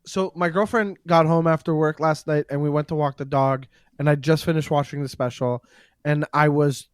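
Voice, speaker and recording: A man's voice: on the high side, fairly even intonation, moderate pace, clean tone, no echo, studio quality. A comedian man in casual podcast chat, telling rambling, self-mocking stories. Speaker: comedian guest.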